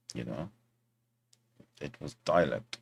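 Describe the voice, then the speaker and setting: A man hosting a livestream, talking in a casual, rambling way, often pausing, restarting and talking to himself into a desktop microphone. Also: a bass voice, vocal fry, slightly rough. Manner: rambling, talks to himself, many fillers and restarts. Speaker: livestream host. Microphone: desktop streaming mic.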